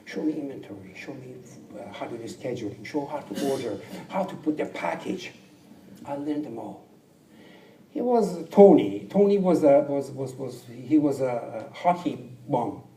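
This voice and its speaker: Un hombre con acento extranjero cuenta su historia en una sala amplia. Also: male voice, medium pitch, normal speed. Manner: animated, acts out quoted people, drops to near whispers. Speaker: speaker telling his life story. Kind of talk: storytelling talk to an audience. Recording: roomy, distant mic with faint background noise.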